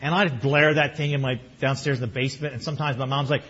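Animated, husky-voiced male pastor preaching. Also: on the high side, fast, hardly any pauses. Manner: animated, bursts into excited exclamations. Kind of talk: sermon. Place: church sanctuary. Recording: muffled lo-fi recording.

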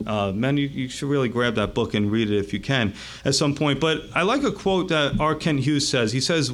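A man pastor preaching a sermon in a conversational, animated way that keeps checking in with the listeners. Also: mid-range voice, moderate pace, few pauses.

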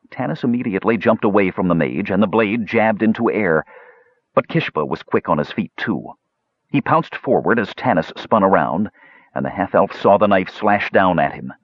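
A man narrating a fantasy audiobook in a dramatic, expressive reading. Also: lowish voice, no echo, highs cut off.

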